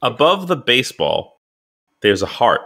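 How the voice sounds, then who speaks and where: Lively, laughing podcast host. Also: male voice, medium pitch, a little slow. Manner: playful, laughs often, teasing. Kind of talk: casual podcast chat.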